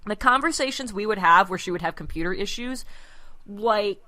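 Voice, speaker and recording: A woman's voice: medium pitch, expressive, normal speed, noisy background. A woman co-hosting a podcast, telling a work story in casual chat and acting out the quotes. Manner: chatty storyteller, acts out quotes. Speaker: podcast co-host.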